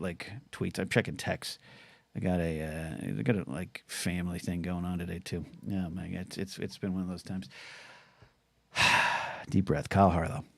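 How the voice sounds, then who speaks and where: Here a man hosts his own livestream podcast, responding to viewer questions with rambling jokes and frequent self-interruptions. His mid-range voice has a slightly bright edge, recorded at studio quality without any room sound.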